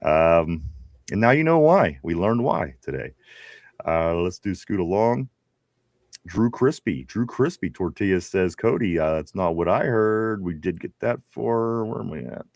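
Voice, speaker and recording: Laughing, rambling Pittsburgh co-host. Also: male voice, deep voice, animated, a little slow, darkish tone, dry recording. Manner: laughing, rambling, reads viewer messages. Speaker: podcast co-host. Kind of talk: casual live-stream chat.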